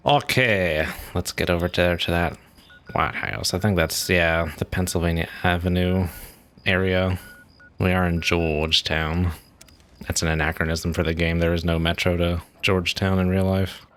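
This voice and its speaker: A man's voice: low-pitched, fairly even intonation, moderate pace, fairly bright tone. A man streaming a game, giving casual, rambling commentary as he plays and thinks aloud.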